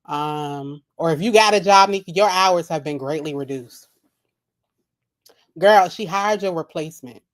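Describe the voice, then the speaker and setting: A woman's voice: lowish voice, a little slow. A woman hosting a late-night live reaction stream, blunt and profane, laughing at her own jokes. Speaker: reaction video host. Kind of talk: casual live reaction commentary. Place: home at night.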